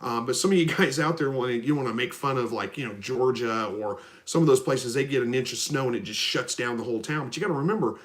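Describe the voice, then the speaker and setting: A man's voice: mid-range voice, quick pace, hardly any pauses. Stuffy-nosed man, live-stream host, easygoing and rambling. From Southwest Missouri. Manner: easygoing, rambling, chuckles often. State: stuffy nose. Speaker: livestream host. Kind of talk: casual live chat answering viewers.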